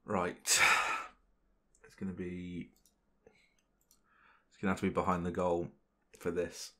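A young man commentating his football management game, excitable and exclaiming when things go his way. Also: low-pitched, slow pace. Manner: excitable, swearing mildly in exclamations. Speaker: gaming channel host. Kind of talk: gameplay commentary.

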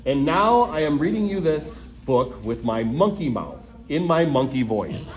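A man reading a children's book aloud, animated and playful, with mock protests and gleeful nonsense sounds. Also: on the high side, measured pace, few pauses. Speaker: storytime reader.

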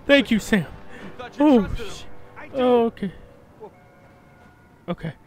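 A man playing a video game and reacting loudly, swearing, yelling and laughing at what happens on screen. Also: extremely high pitch, lively intonation, slow pace, soft background music. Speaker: gaming commentator. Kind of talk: let's play commentary.

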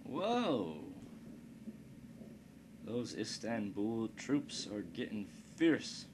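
Unhurried and low-sitting, this man's voice provides casual commentary on a strategy game as he talks to himself, dropping profane, crude quips and asides along the way. Background noise stays steady throughout.

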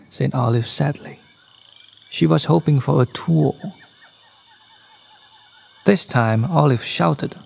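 A man narrating a children's bedtime story in a gentle read-aloud manner, recorded in a studio. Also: medium pitch, measured pace, creaky, pauses often, husky. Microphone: studio microphone.

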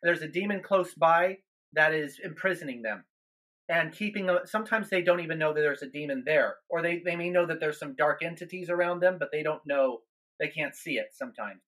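A man's voice: fairly high pitch, brisk, fairly bright tone. A man who is a guest minister on a podcast, telling a story in an earnest way, with many restarts and repeated words.

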